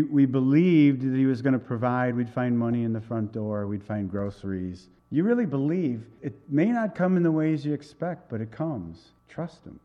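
A man preaching a sermon as a pastor, telling a personal story in a conversational way and acting out the dialogue. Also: mid-range voice. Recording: dull lo-fi recording.

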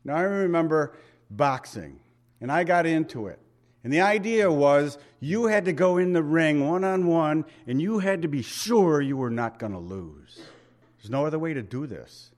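A man's voice: a little high, very animated, moderate pace. A man preaching a sermon in a conversational, emphatic way, asking the congregation rhetorical questions. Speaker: pastor.

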